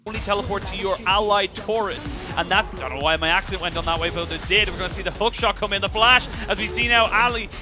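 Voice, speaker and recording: A man casting an esports match in fast play-by-play commentary, getting excitable and shouting at the big plays. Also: high voice. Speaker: esports caster. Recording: commentary over loud game music.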